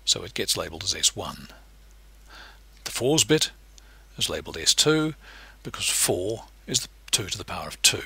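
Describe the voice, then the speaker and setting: Male lecturer, husky bright voice, patient and explanatory, animated pitch. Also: normal speed, no echo. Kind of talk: recorded lecture narration.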